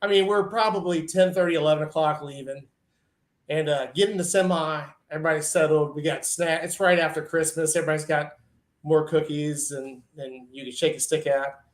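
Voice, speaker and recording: A man telling a casual, animated story on a live show, laughing often and acting out his friends' lines. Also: fairly high pitch, fairly quick, roomy sound. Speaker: truck and tractor pulling guest.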